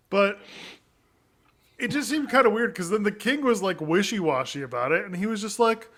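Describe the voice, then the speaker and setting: A man with a fairly high voice co-hosts a loose podcast chat. He is animated and swears freely. He acts out characters as he talks. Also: normal speed. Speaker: podcast co-host.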